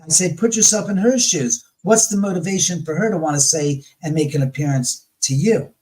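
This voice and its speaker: A man as an interview guest, telling stories in a rambling, animated way and often correcting himself mid-sentence. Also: fairly high pitch, brisk, rough recording. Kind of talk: casual storytelling interview.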